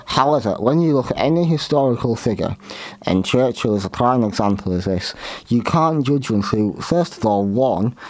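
A man hosting a show, talking through history in a halting way with many restarts and fillers. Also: lowish voice, a little mellow, no echo. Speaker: podcast host. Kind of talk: unscripted history commentary.

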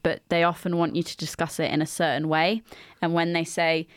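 A woman's voice: sits low, little pitch movement, fairly quick, smooth, no room sound. A young woman co-hosting a student radio show, chatting casually and explaining ideas with lists and asides. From England. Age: young adult. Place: small radio studio.

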